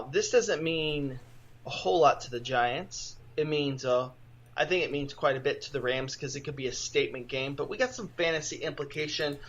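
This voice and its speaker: A man's voice: a little high, highs cut off. A man co-hosting a sports podcast, introducing segments and adding his own takes in casual chat. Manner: forceful, introduces segments and adds short opinions. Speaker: podcast co-host.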